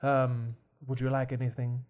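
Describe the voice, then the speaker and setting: A man's voice: mid-range voice, little pitch movement, moderate pace, narrow, tinny audio, voice pushed down, lightly acted. A man playing a courteous aging flight attendant in a fancy put-on voice during an improv scene. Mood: gentle. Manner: gentle and courteous. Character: aging male flight attendant, kind, proper.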